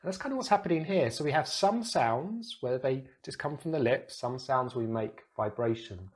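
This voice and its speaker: British man teaching pronunciation, slow repetition. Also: medium pitch, animated. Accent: British English. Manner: repeats words slowly, exaggerating sounds. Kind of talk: explaining pronunciation slowly with examples. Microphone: close microphone.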